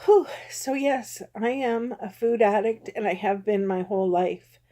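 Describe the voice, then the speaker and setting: A woman in her fifties talking to her viewers in a personal confessional vlog. She speaks haltingly, with many pauses, and sounds close to tears at times. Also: medium pitch, fairly even intonation, dark tone. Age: 50s. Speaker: vlogger.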